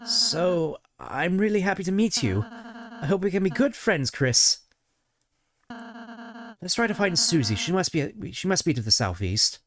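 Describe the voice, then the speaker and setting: A man voicing a gentle, shy young goat prince in a video game, speaking softly and politely with hesitant little ums. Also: sits high, big pitch swings, measured pace, long pauses, a crowd in the background, pitched above the performer's own voice. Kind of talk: video game voice-over reading.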